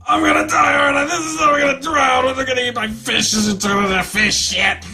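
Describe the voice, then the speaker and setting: A man voicing a melodramatic young classmate who panics loudly and whines. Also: lively intonation, normal speed, creaky, faint music behind, exaggerated voice. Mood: panicked. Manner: shrill, panicky, whiny. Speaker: game voice-over.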